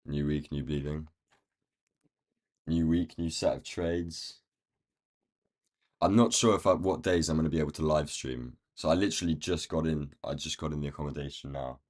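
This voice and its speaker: Deep, croaky man streaming trades. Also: normal speed, long pauses, a little mellow. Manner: thinking aloud while marking up charts. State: croaky, feeling rough. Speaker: day trading livestream host. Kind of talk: casual live chart commentary.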